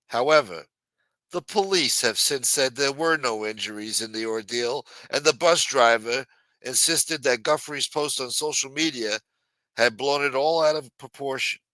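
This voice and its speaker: A man's voice: mid-range voice, normal speed, bright, forceful tone, dry recording, rough recording. A man hosting a late-night livestream who rants casually and reads news aloud in a profane, blunt and mocking manner. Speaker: livestream host. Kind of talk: casual ranting commentary.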